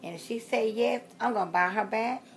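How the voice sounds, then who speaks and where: A woman's voice: fairly high pitch, brisk. A woman in her sixties talking casually to her viewers, chatty and rambling, often repeating herself and trailing off with fillers. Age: 60s. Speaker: reborn doll collector vlogger. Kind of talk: casual rambling vlog talk.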